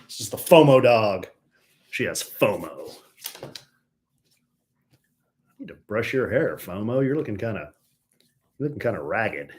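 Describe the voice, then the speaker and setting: A man's voice: on the low side, big pitch swings, a little slow, pauses often, a little mellow. A man co-hosting a live stream, chatting casually and playfully, teasing his viewers and talking to his dogs.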